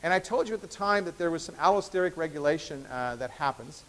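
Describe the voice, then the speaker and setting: Speaking quickly in an expressive, fairly bright voice on the high side, a man delivers a university biochemistry lecture. The recording comes from an echoey lecture hall, and his casual delivery includes fillers and restarts.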